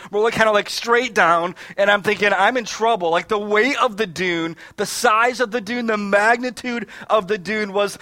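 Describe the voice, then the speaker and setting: A man's voice: sits high, bright, forceful tone. A man from Michigan preaching a sermon, telling a story with quoted asides and frequent restarts. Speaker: pastor.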